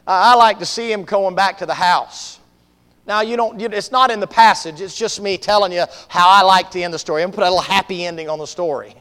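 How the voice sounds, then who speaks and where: A man preacher telling a story as a sermon, vivid and swinging from loud to hushed. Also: high voice, quick pace. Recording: long reverb of a large hall.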